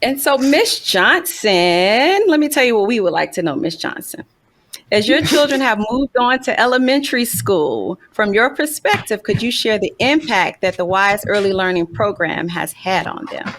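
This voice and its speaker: A woman's voice: mid-range voice, animated, normal speed, fairly bright tone. A woman hosting a podcast interview, affirming her guests and addressing them formally.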